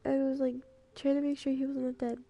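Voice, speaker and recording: A woman streamer talks casually while she plays, her voice high and carrying a gravelly edge. She wanders through her story, gets sidetracked, and circles back. Steady hiss and noise sit under the home stream recording. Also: a little fast, dull audio. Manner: rambling, easily distracted storytelling. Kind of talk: casual chat while gaming.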